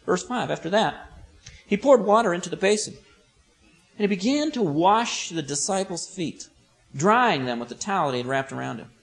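A man's voice: high voice, animated, normal speed, vocal fry. A man preaching an expository sermon, telling the story vividly with humorous asides.

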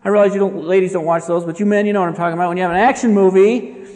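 A man preaching a sermon in an animated, dramatic storytelling manner. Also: sits high, racing, in a large hall. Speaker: pastor.

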